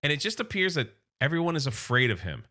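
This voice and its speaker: A man's voice: a little high, very animated, fast, bright, forceful tone. A man recapping a comic book in a casual, enthusiastic way, paraphrasing loosely with lots of "like".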